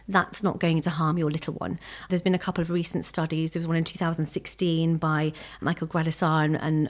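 Fast-talking woman sleep consultant. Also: low-pitched. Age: adult parent. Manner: fast, chatty, evidence-focused explaining. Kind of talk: podcast interview.

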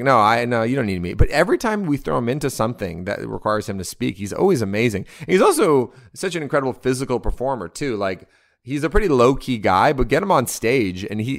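A man's voice: mid-range voice, gravelly. A man hosting a podcast in casual chat over a video call, rambling and laughing easily. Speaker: podcast host.

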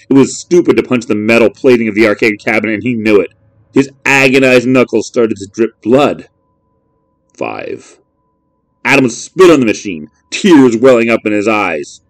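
A man narrating a horror story in a measured, brooding way. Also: mid-range voice, expressive, dry recording.

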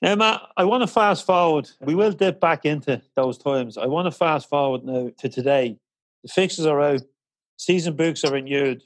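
A man's voice: fairly high pitch, moderate pace, dry recording, low-quality recording. A man with an Irish accent, hosting the interview and setting up long questions. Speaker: interviewer, host.

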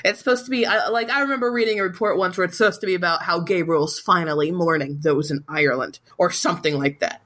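A woman's voice: on the low side, quick pace, few pauses, fairly bright tone, a little hiss or hum. A woman ranting sarcastically about a book in casual chat, swearing freely.

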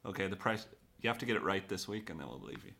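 A man's voice: deep voice, lively intonation, very fast, gravelly, sharp tone. An Irish man hosting a podcast chat, joking and laughing along as he leads each segment. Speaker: podcast host. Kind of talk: casual panel chat.

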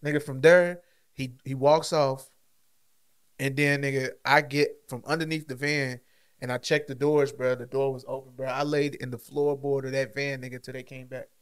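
A man's voice: medium pitch, normal speed, clear, resonant tone. A man co-hosting a podcast, telling a story in casual, slangy chat and acting out what people said. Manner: animated, slangy storytelling with acted-out quotes. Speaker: podcast co-host.

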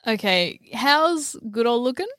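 A woman's voice: on the high side, lively intonation, unhurried, a bit bright, dry recording. Upbeat woman player, dry close mic. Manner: joking, giggly, upbeat. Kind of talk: casual tabletop game play.

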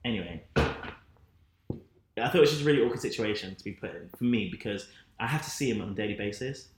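A man chatting casually, words tumbling out fast as he recounts a work grievance and plays out the back-and-forth himself. His voice sits in a mid range. The room around him is noticeably echoey. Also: on the low side, noisy background. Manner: quick, animated storytelling with reported speech. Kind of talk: casual chat. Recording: roomy echo.

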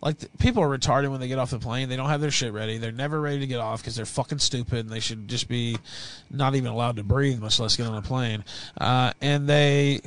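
A man's voice: mid-range voice, fairly even intonation, fast talker, fairly bright tone, rough recording. A young man telling a blunt, profane story in casual podcast chat.

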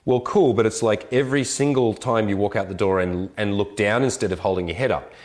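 A man casually telling an animated, profane travel story in conversation. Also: on the low side, a little fast. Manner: animated storyteller, swearing, voices others.

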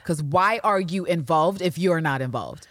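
A woman's voice: fairly low pitch, moderate pace, no echo, clean studio sound. A woman co-hosting a podcast recap, chatting casually and acting out characters' lines with swearing. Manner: animated, acts out characters' lines, swears freely. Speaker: podcast co-host.

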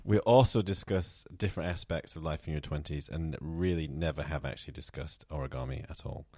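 A man's voice: a bass voice, brisk, darkish tone. A man in his twenties, a podcast guest, chatting casually with jokes and self-deprecating asides. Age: 20s.

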